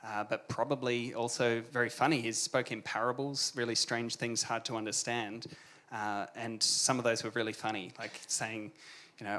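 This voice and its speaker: A man's voice: medium pitch, steady tone, normal speed, bright, forceful tone. A man on a discussion panel who talks in an easygoing, thoughtful way with wry asides.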